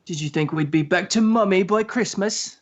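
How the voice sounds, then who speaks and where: Brief: man voicing a defensive teen boy wizard, slightly high voice, clipped and stubborn. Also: normal speed. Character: tense stubborn teenage boy wizard hero. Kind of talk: podcast read-through of a scene.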